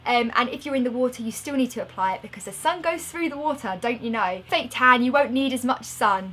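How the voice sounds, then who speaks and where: Young woman vlogger, chatty product review, voice sits a touch high. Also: animated, brisk, few pauses, a bit bright. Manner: chatty, upbeat, recommending. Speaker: beauty vlogger.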